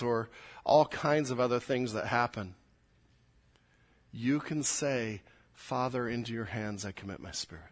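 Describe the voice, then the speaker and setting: A pastor preaching a sermon to his congregation. He is earnest and emphatic, and he repeats words as he builds his points. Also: mid-range voice.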